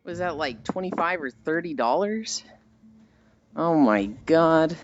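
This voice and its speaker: A man's voice: fairly high pitch, takes it slowly, muffled recording, a little hiss or hum. A man streamer chatting casually with viewers while out walking, rambling and self-deprecating. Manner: rambling, self-deprecating, animated mock voices.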